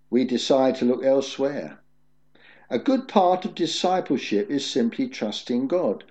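A man preaching a sermon, with a measured storytelling delivery. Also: medium pitch, mellow. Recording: dull lo-fi recording.

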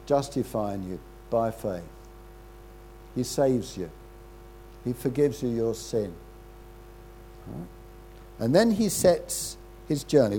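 Man, older, sermon, animated swinging pitch, faint background noise. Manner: conversational, with rhetorical questions and frequent throat-clearing. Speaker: preacher.

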